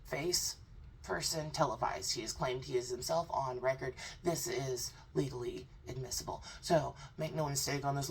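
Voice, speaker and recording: Blunt, sarcastic low-voiced woman. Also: normal speed, slightly rough. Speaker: crypto commentary vlogger. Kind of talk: opinionated commentary vlog. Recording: distant mic with faint background noise.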